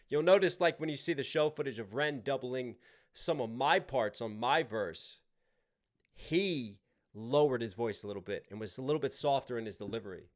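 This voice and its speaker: A man's voice: medium pitch, fairly quick. Loose, swearing American man streaming live. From United States. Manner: animated, loose and profane, with frequent restarts. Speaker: livestream host and rapper. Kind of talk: casual live-stream chat.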